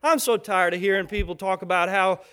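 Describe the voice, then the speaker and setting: A man with a high-pitched voice preaching a sermon. He speaks emphatically and with animation, now and then acting out little scenes to make his point. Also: fairly even intonation, fairly quick, bright, forceful tone, clear, resonant tone.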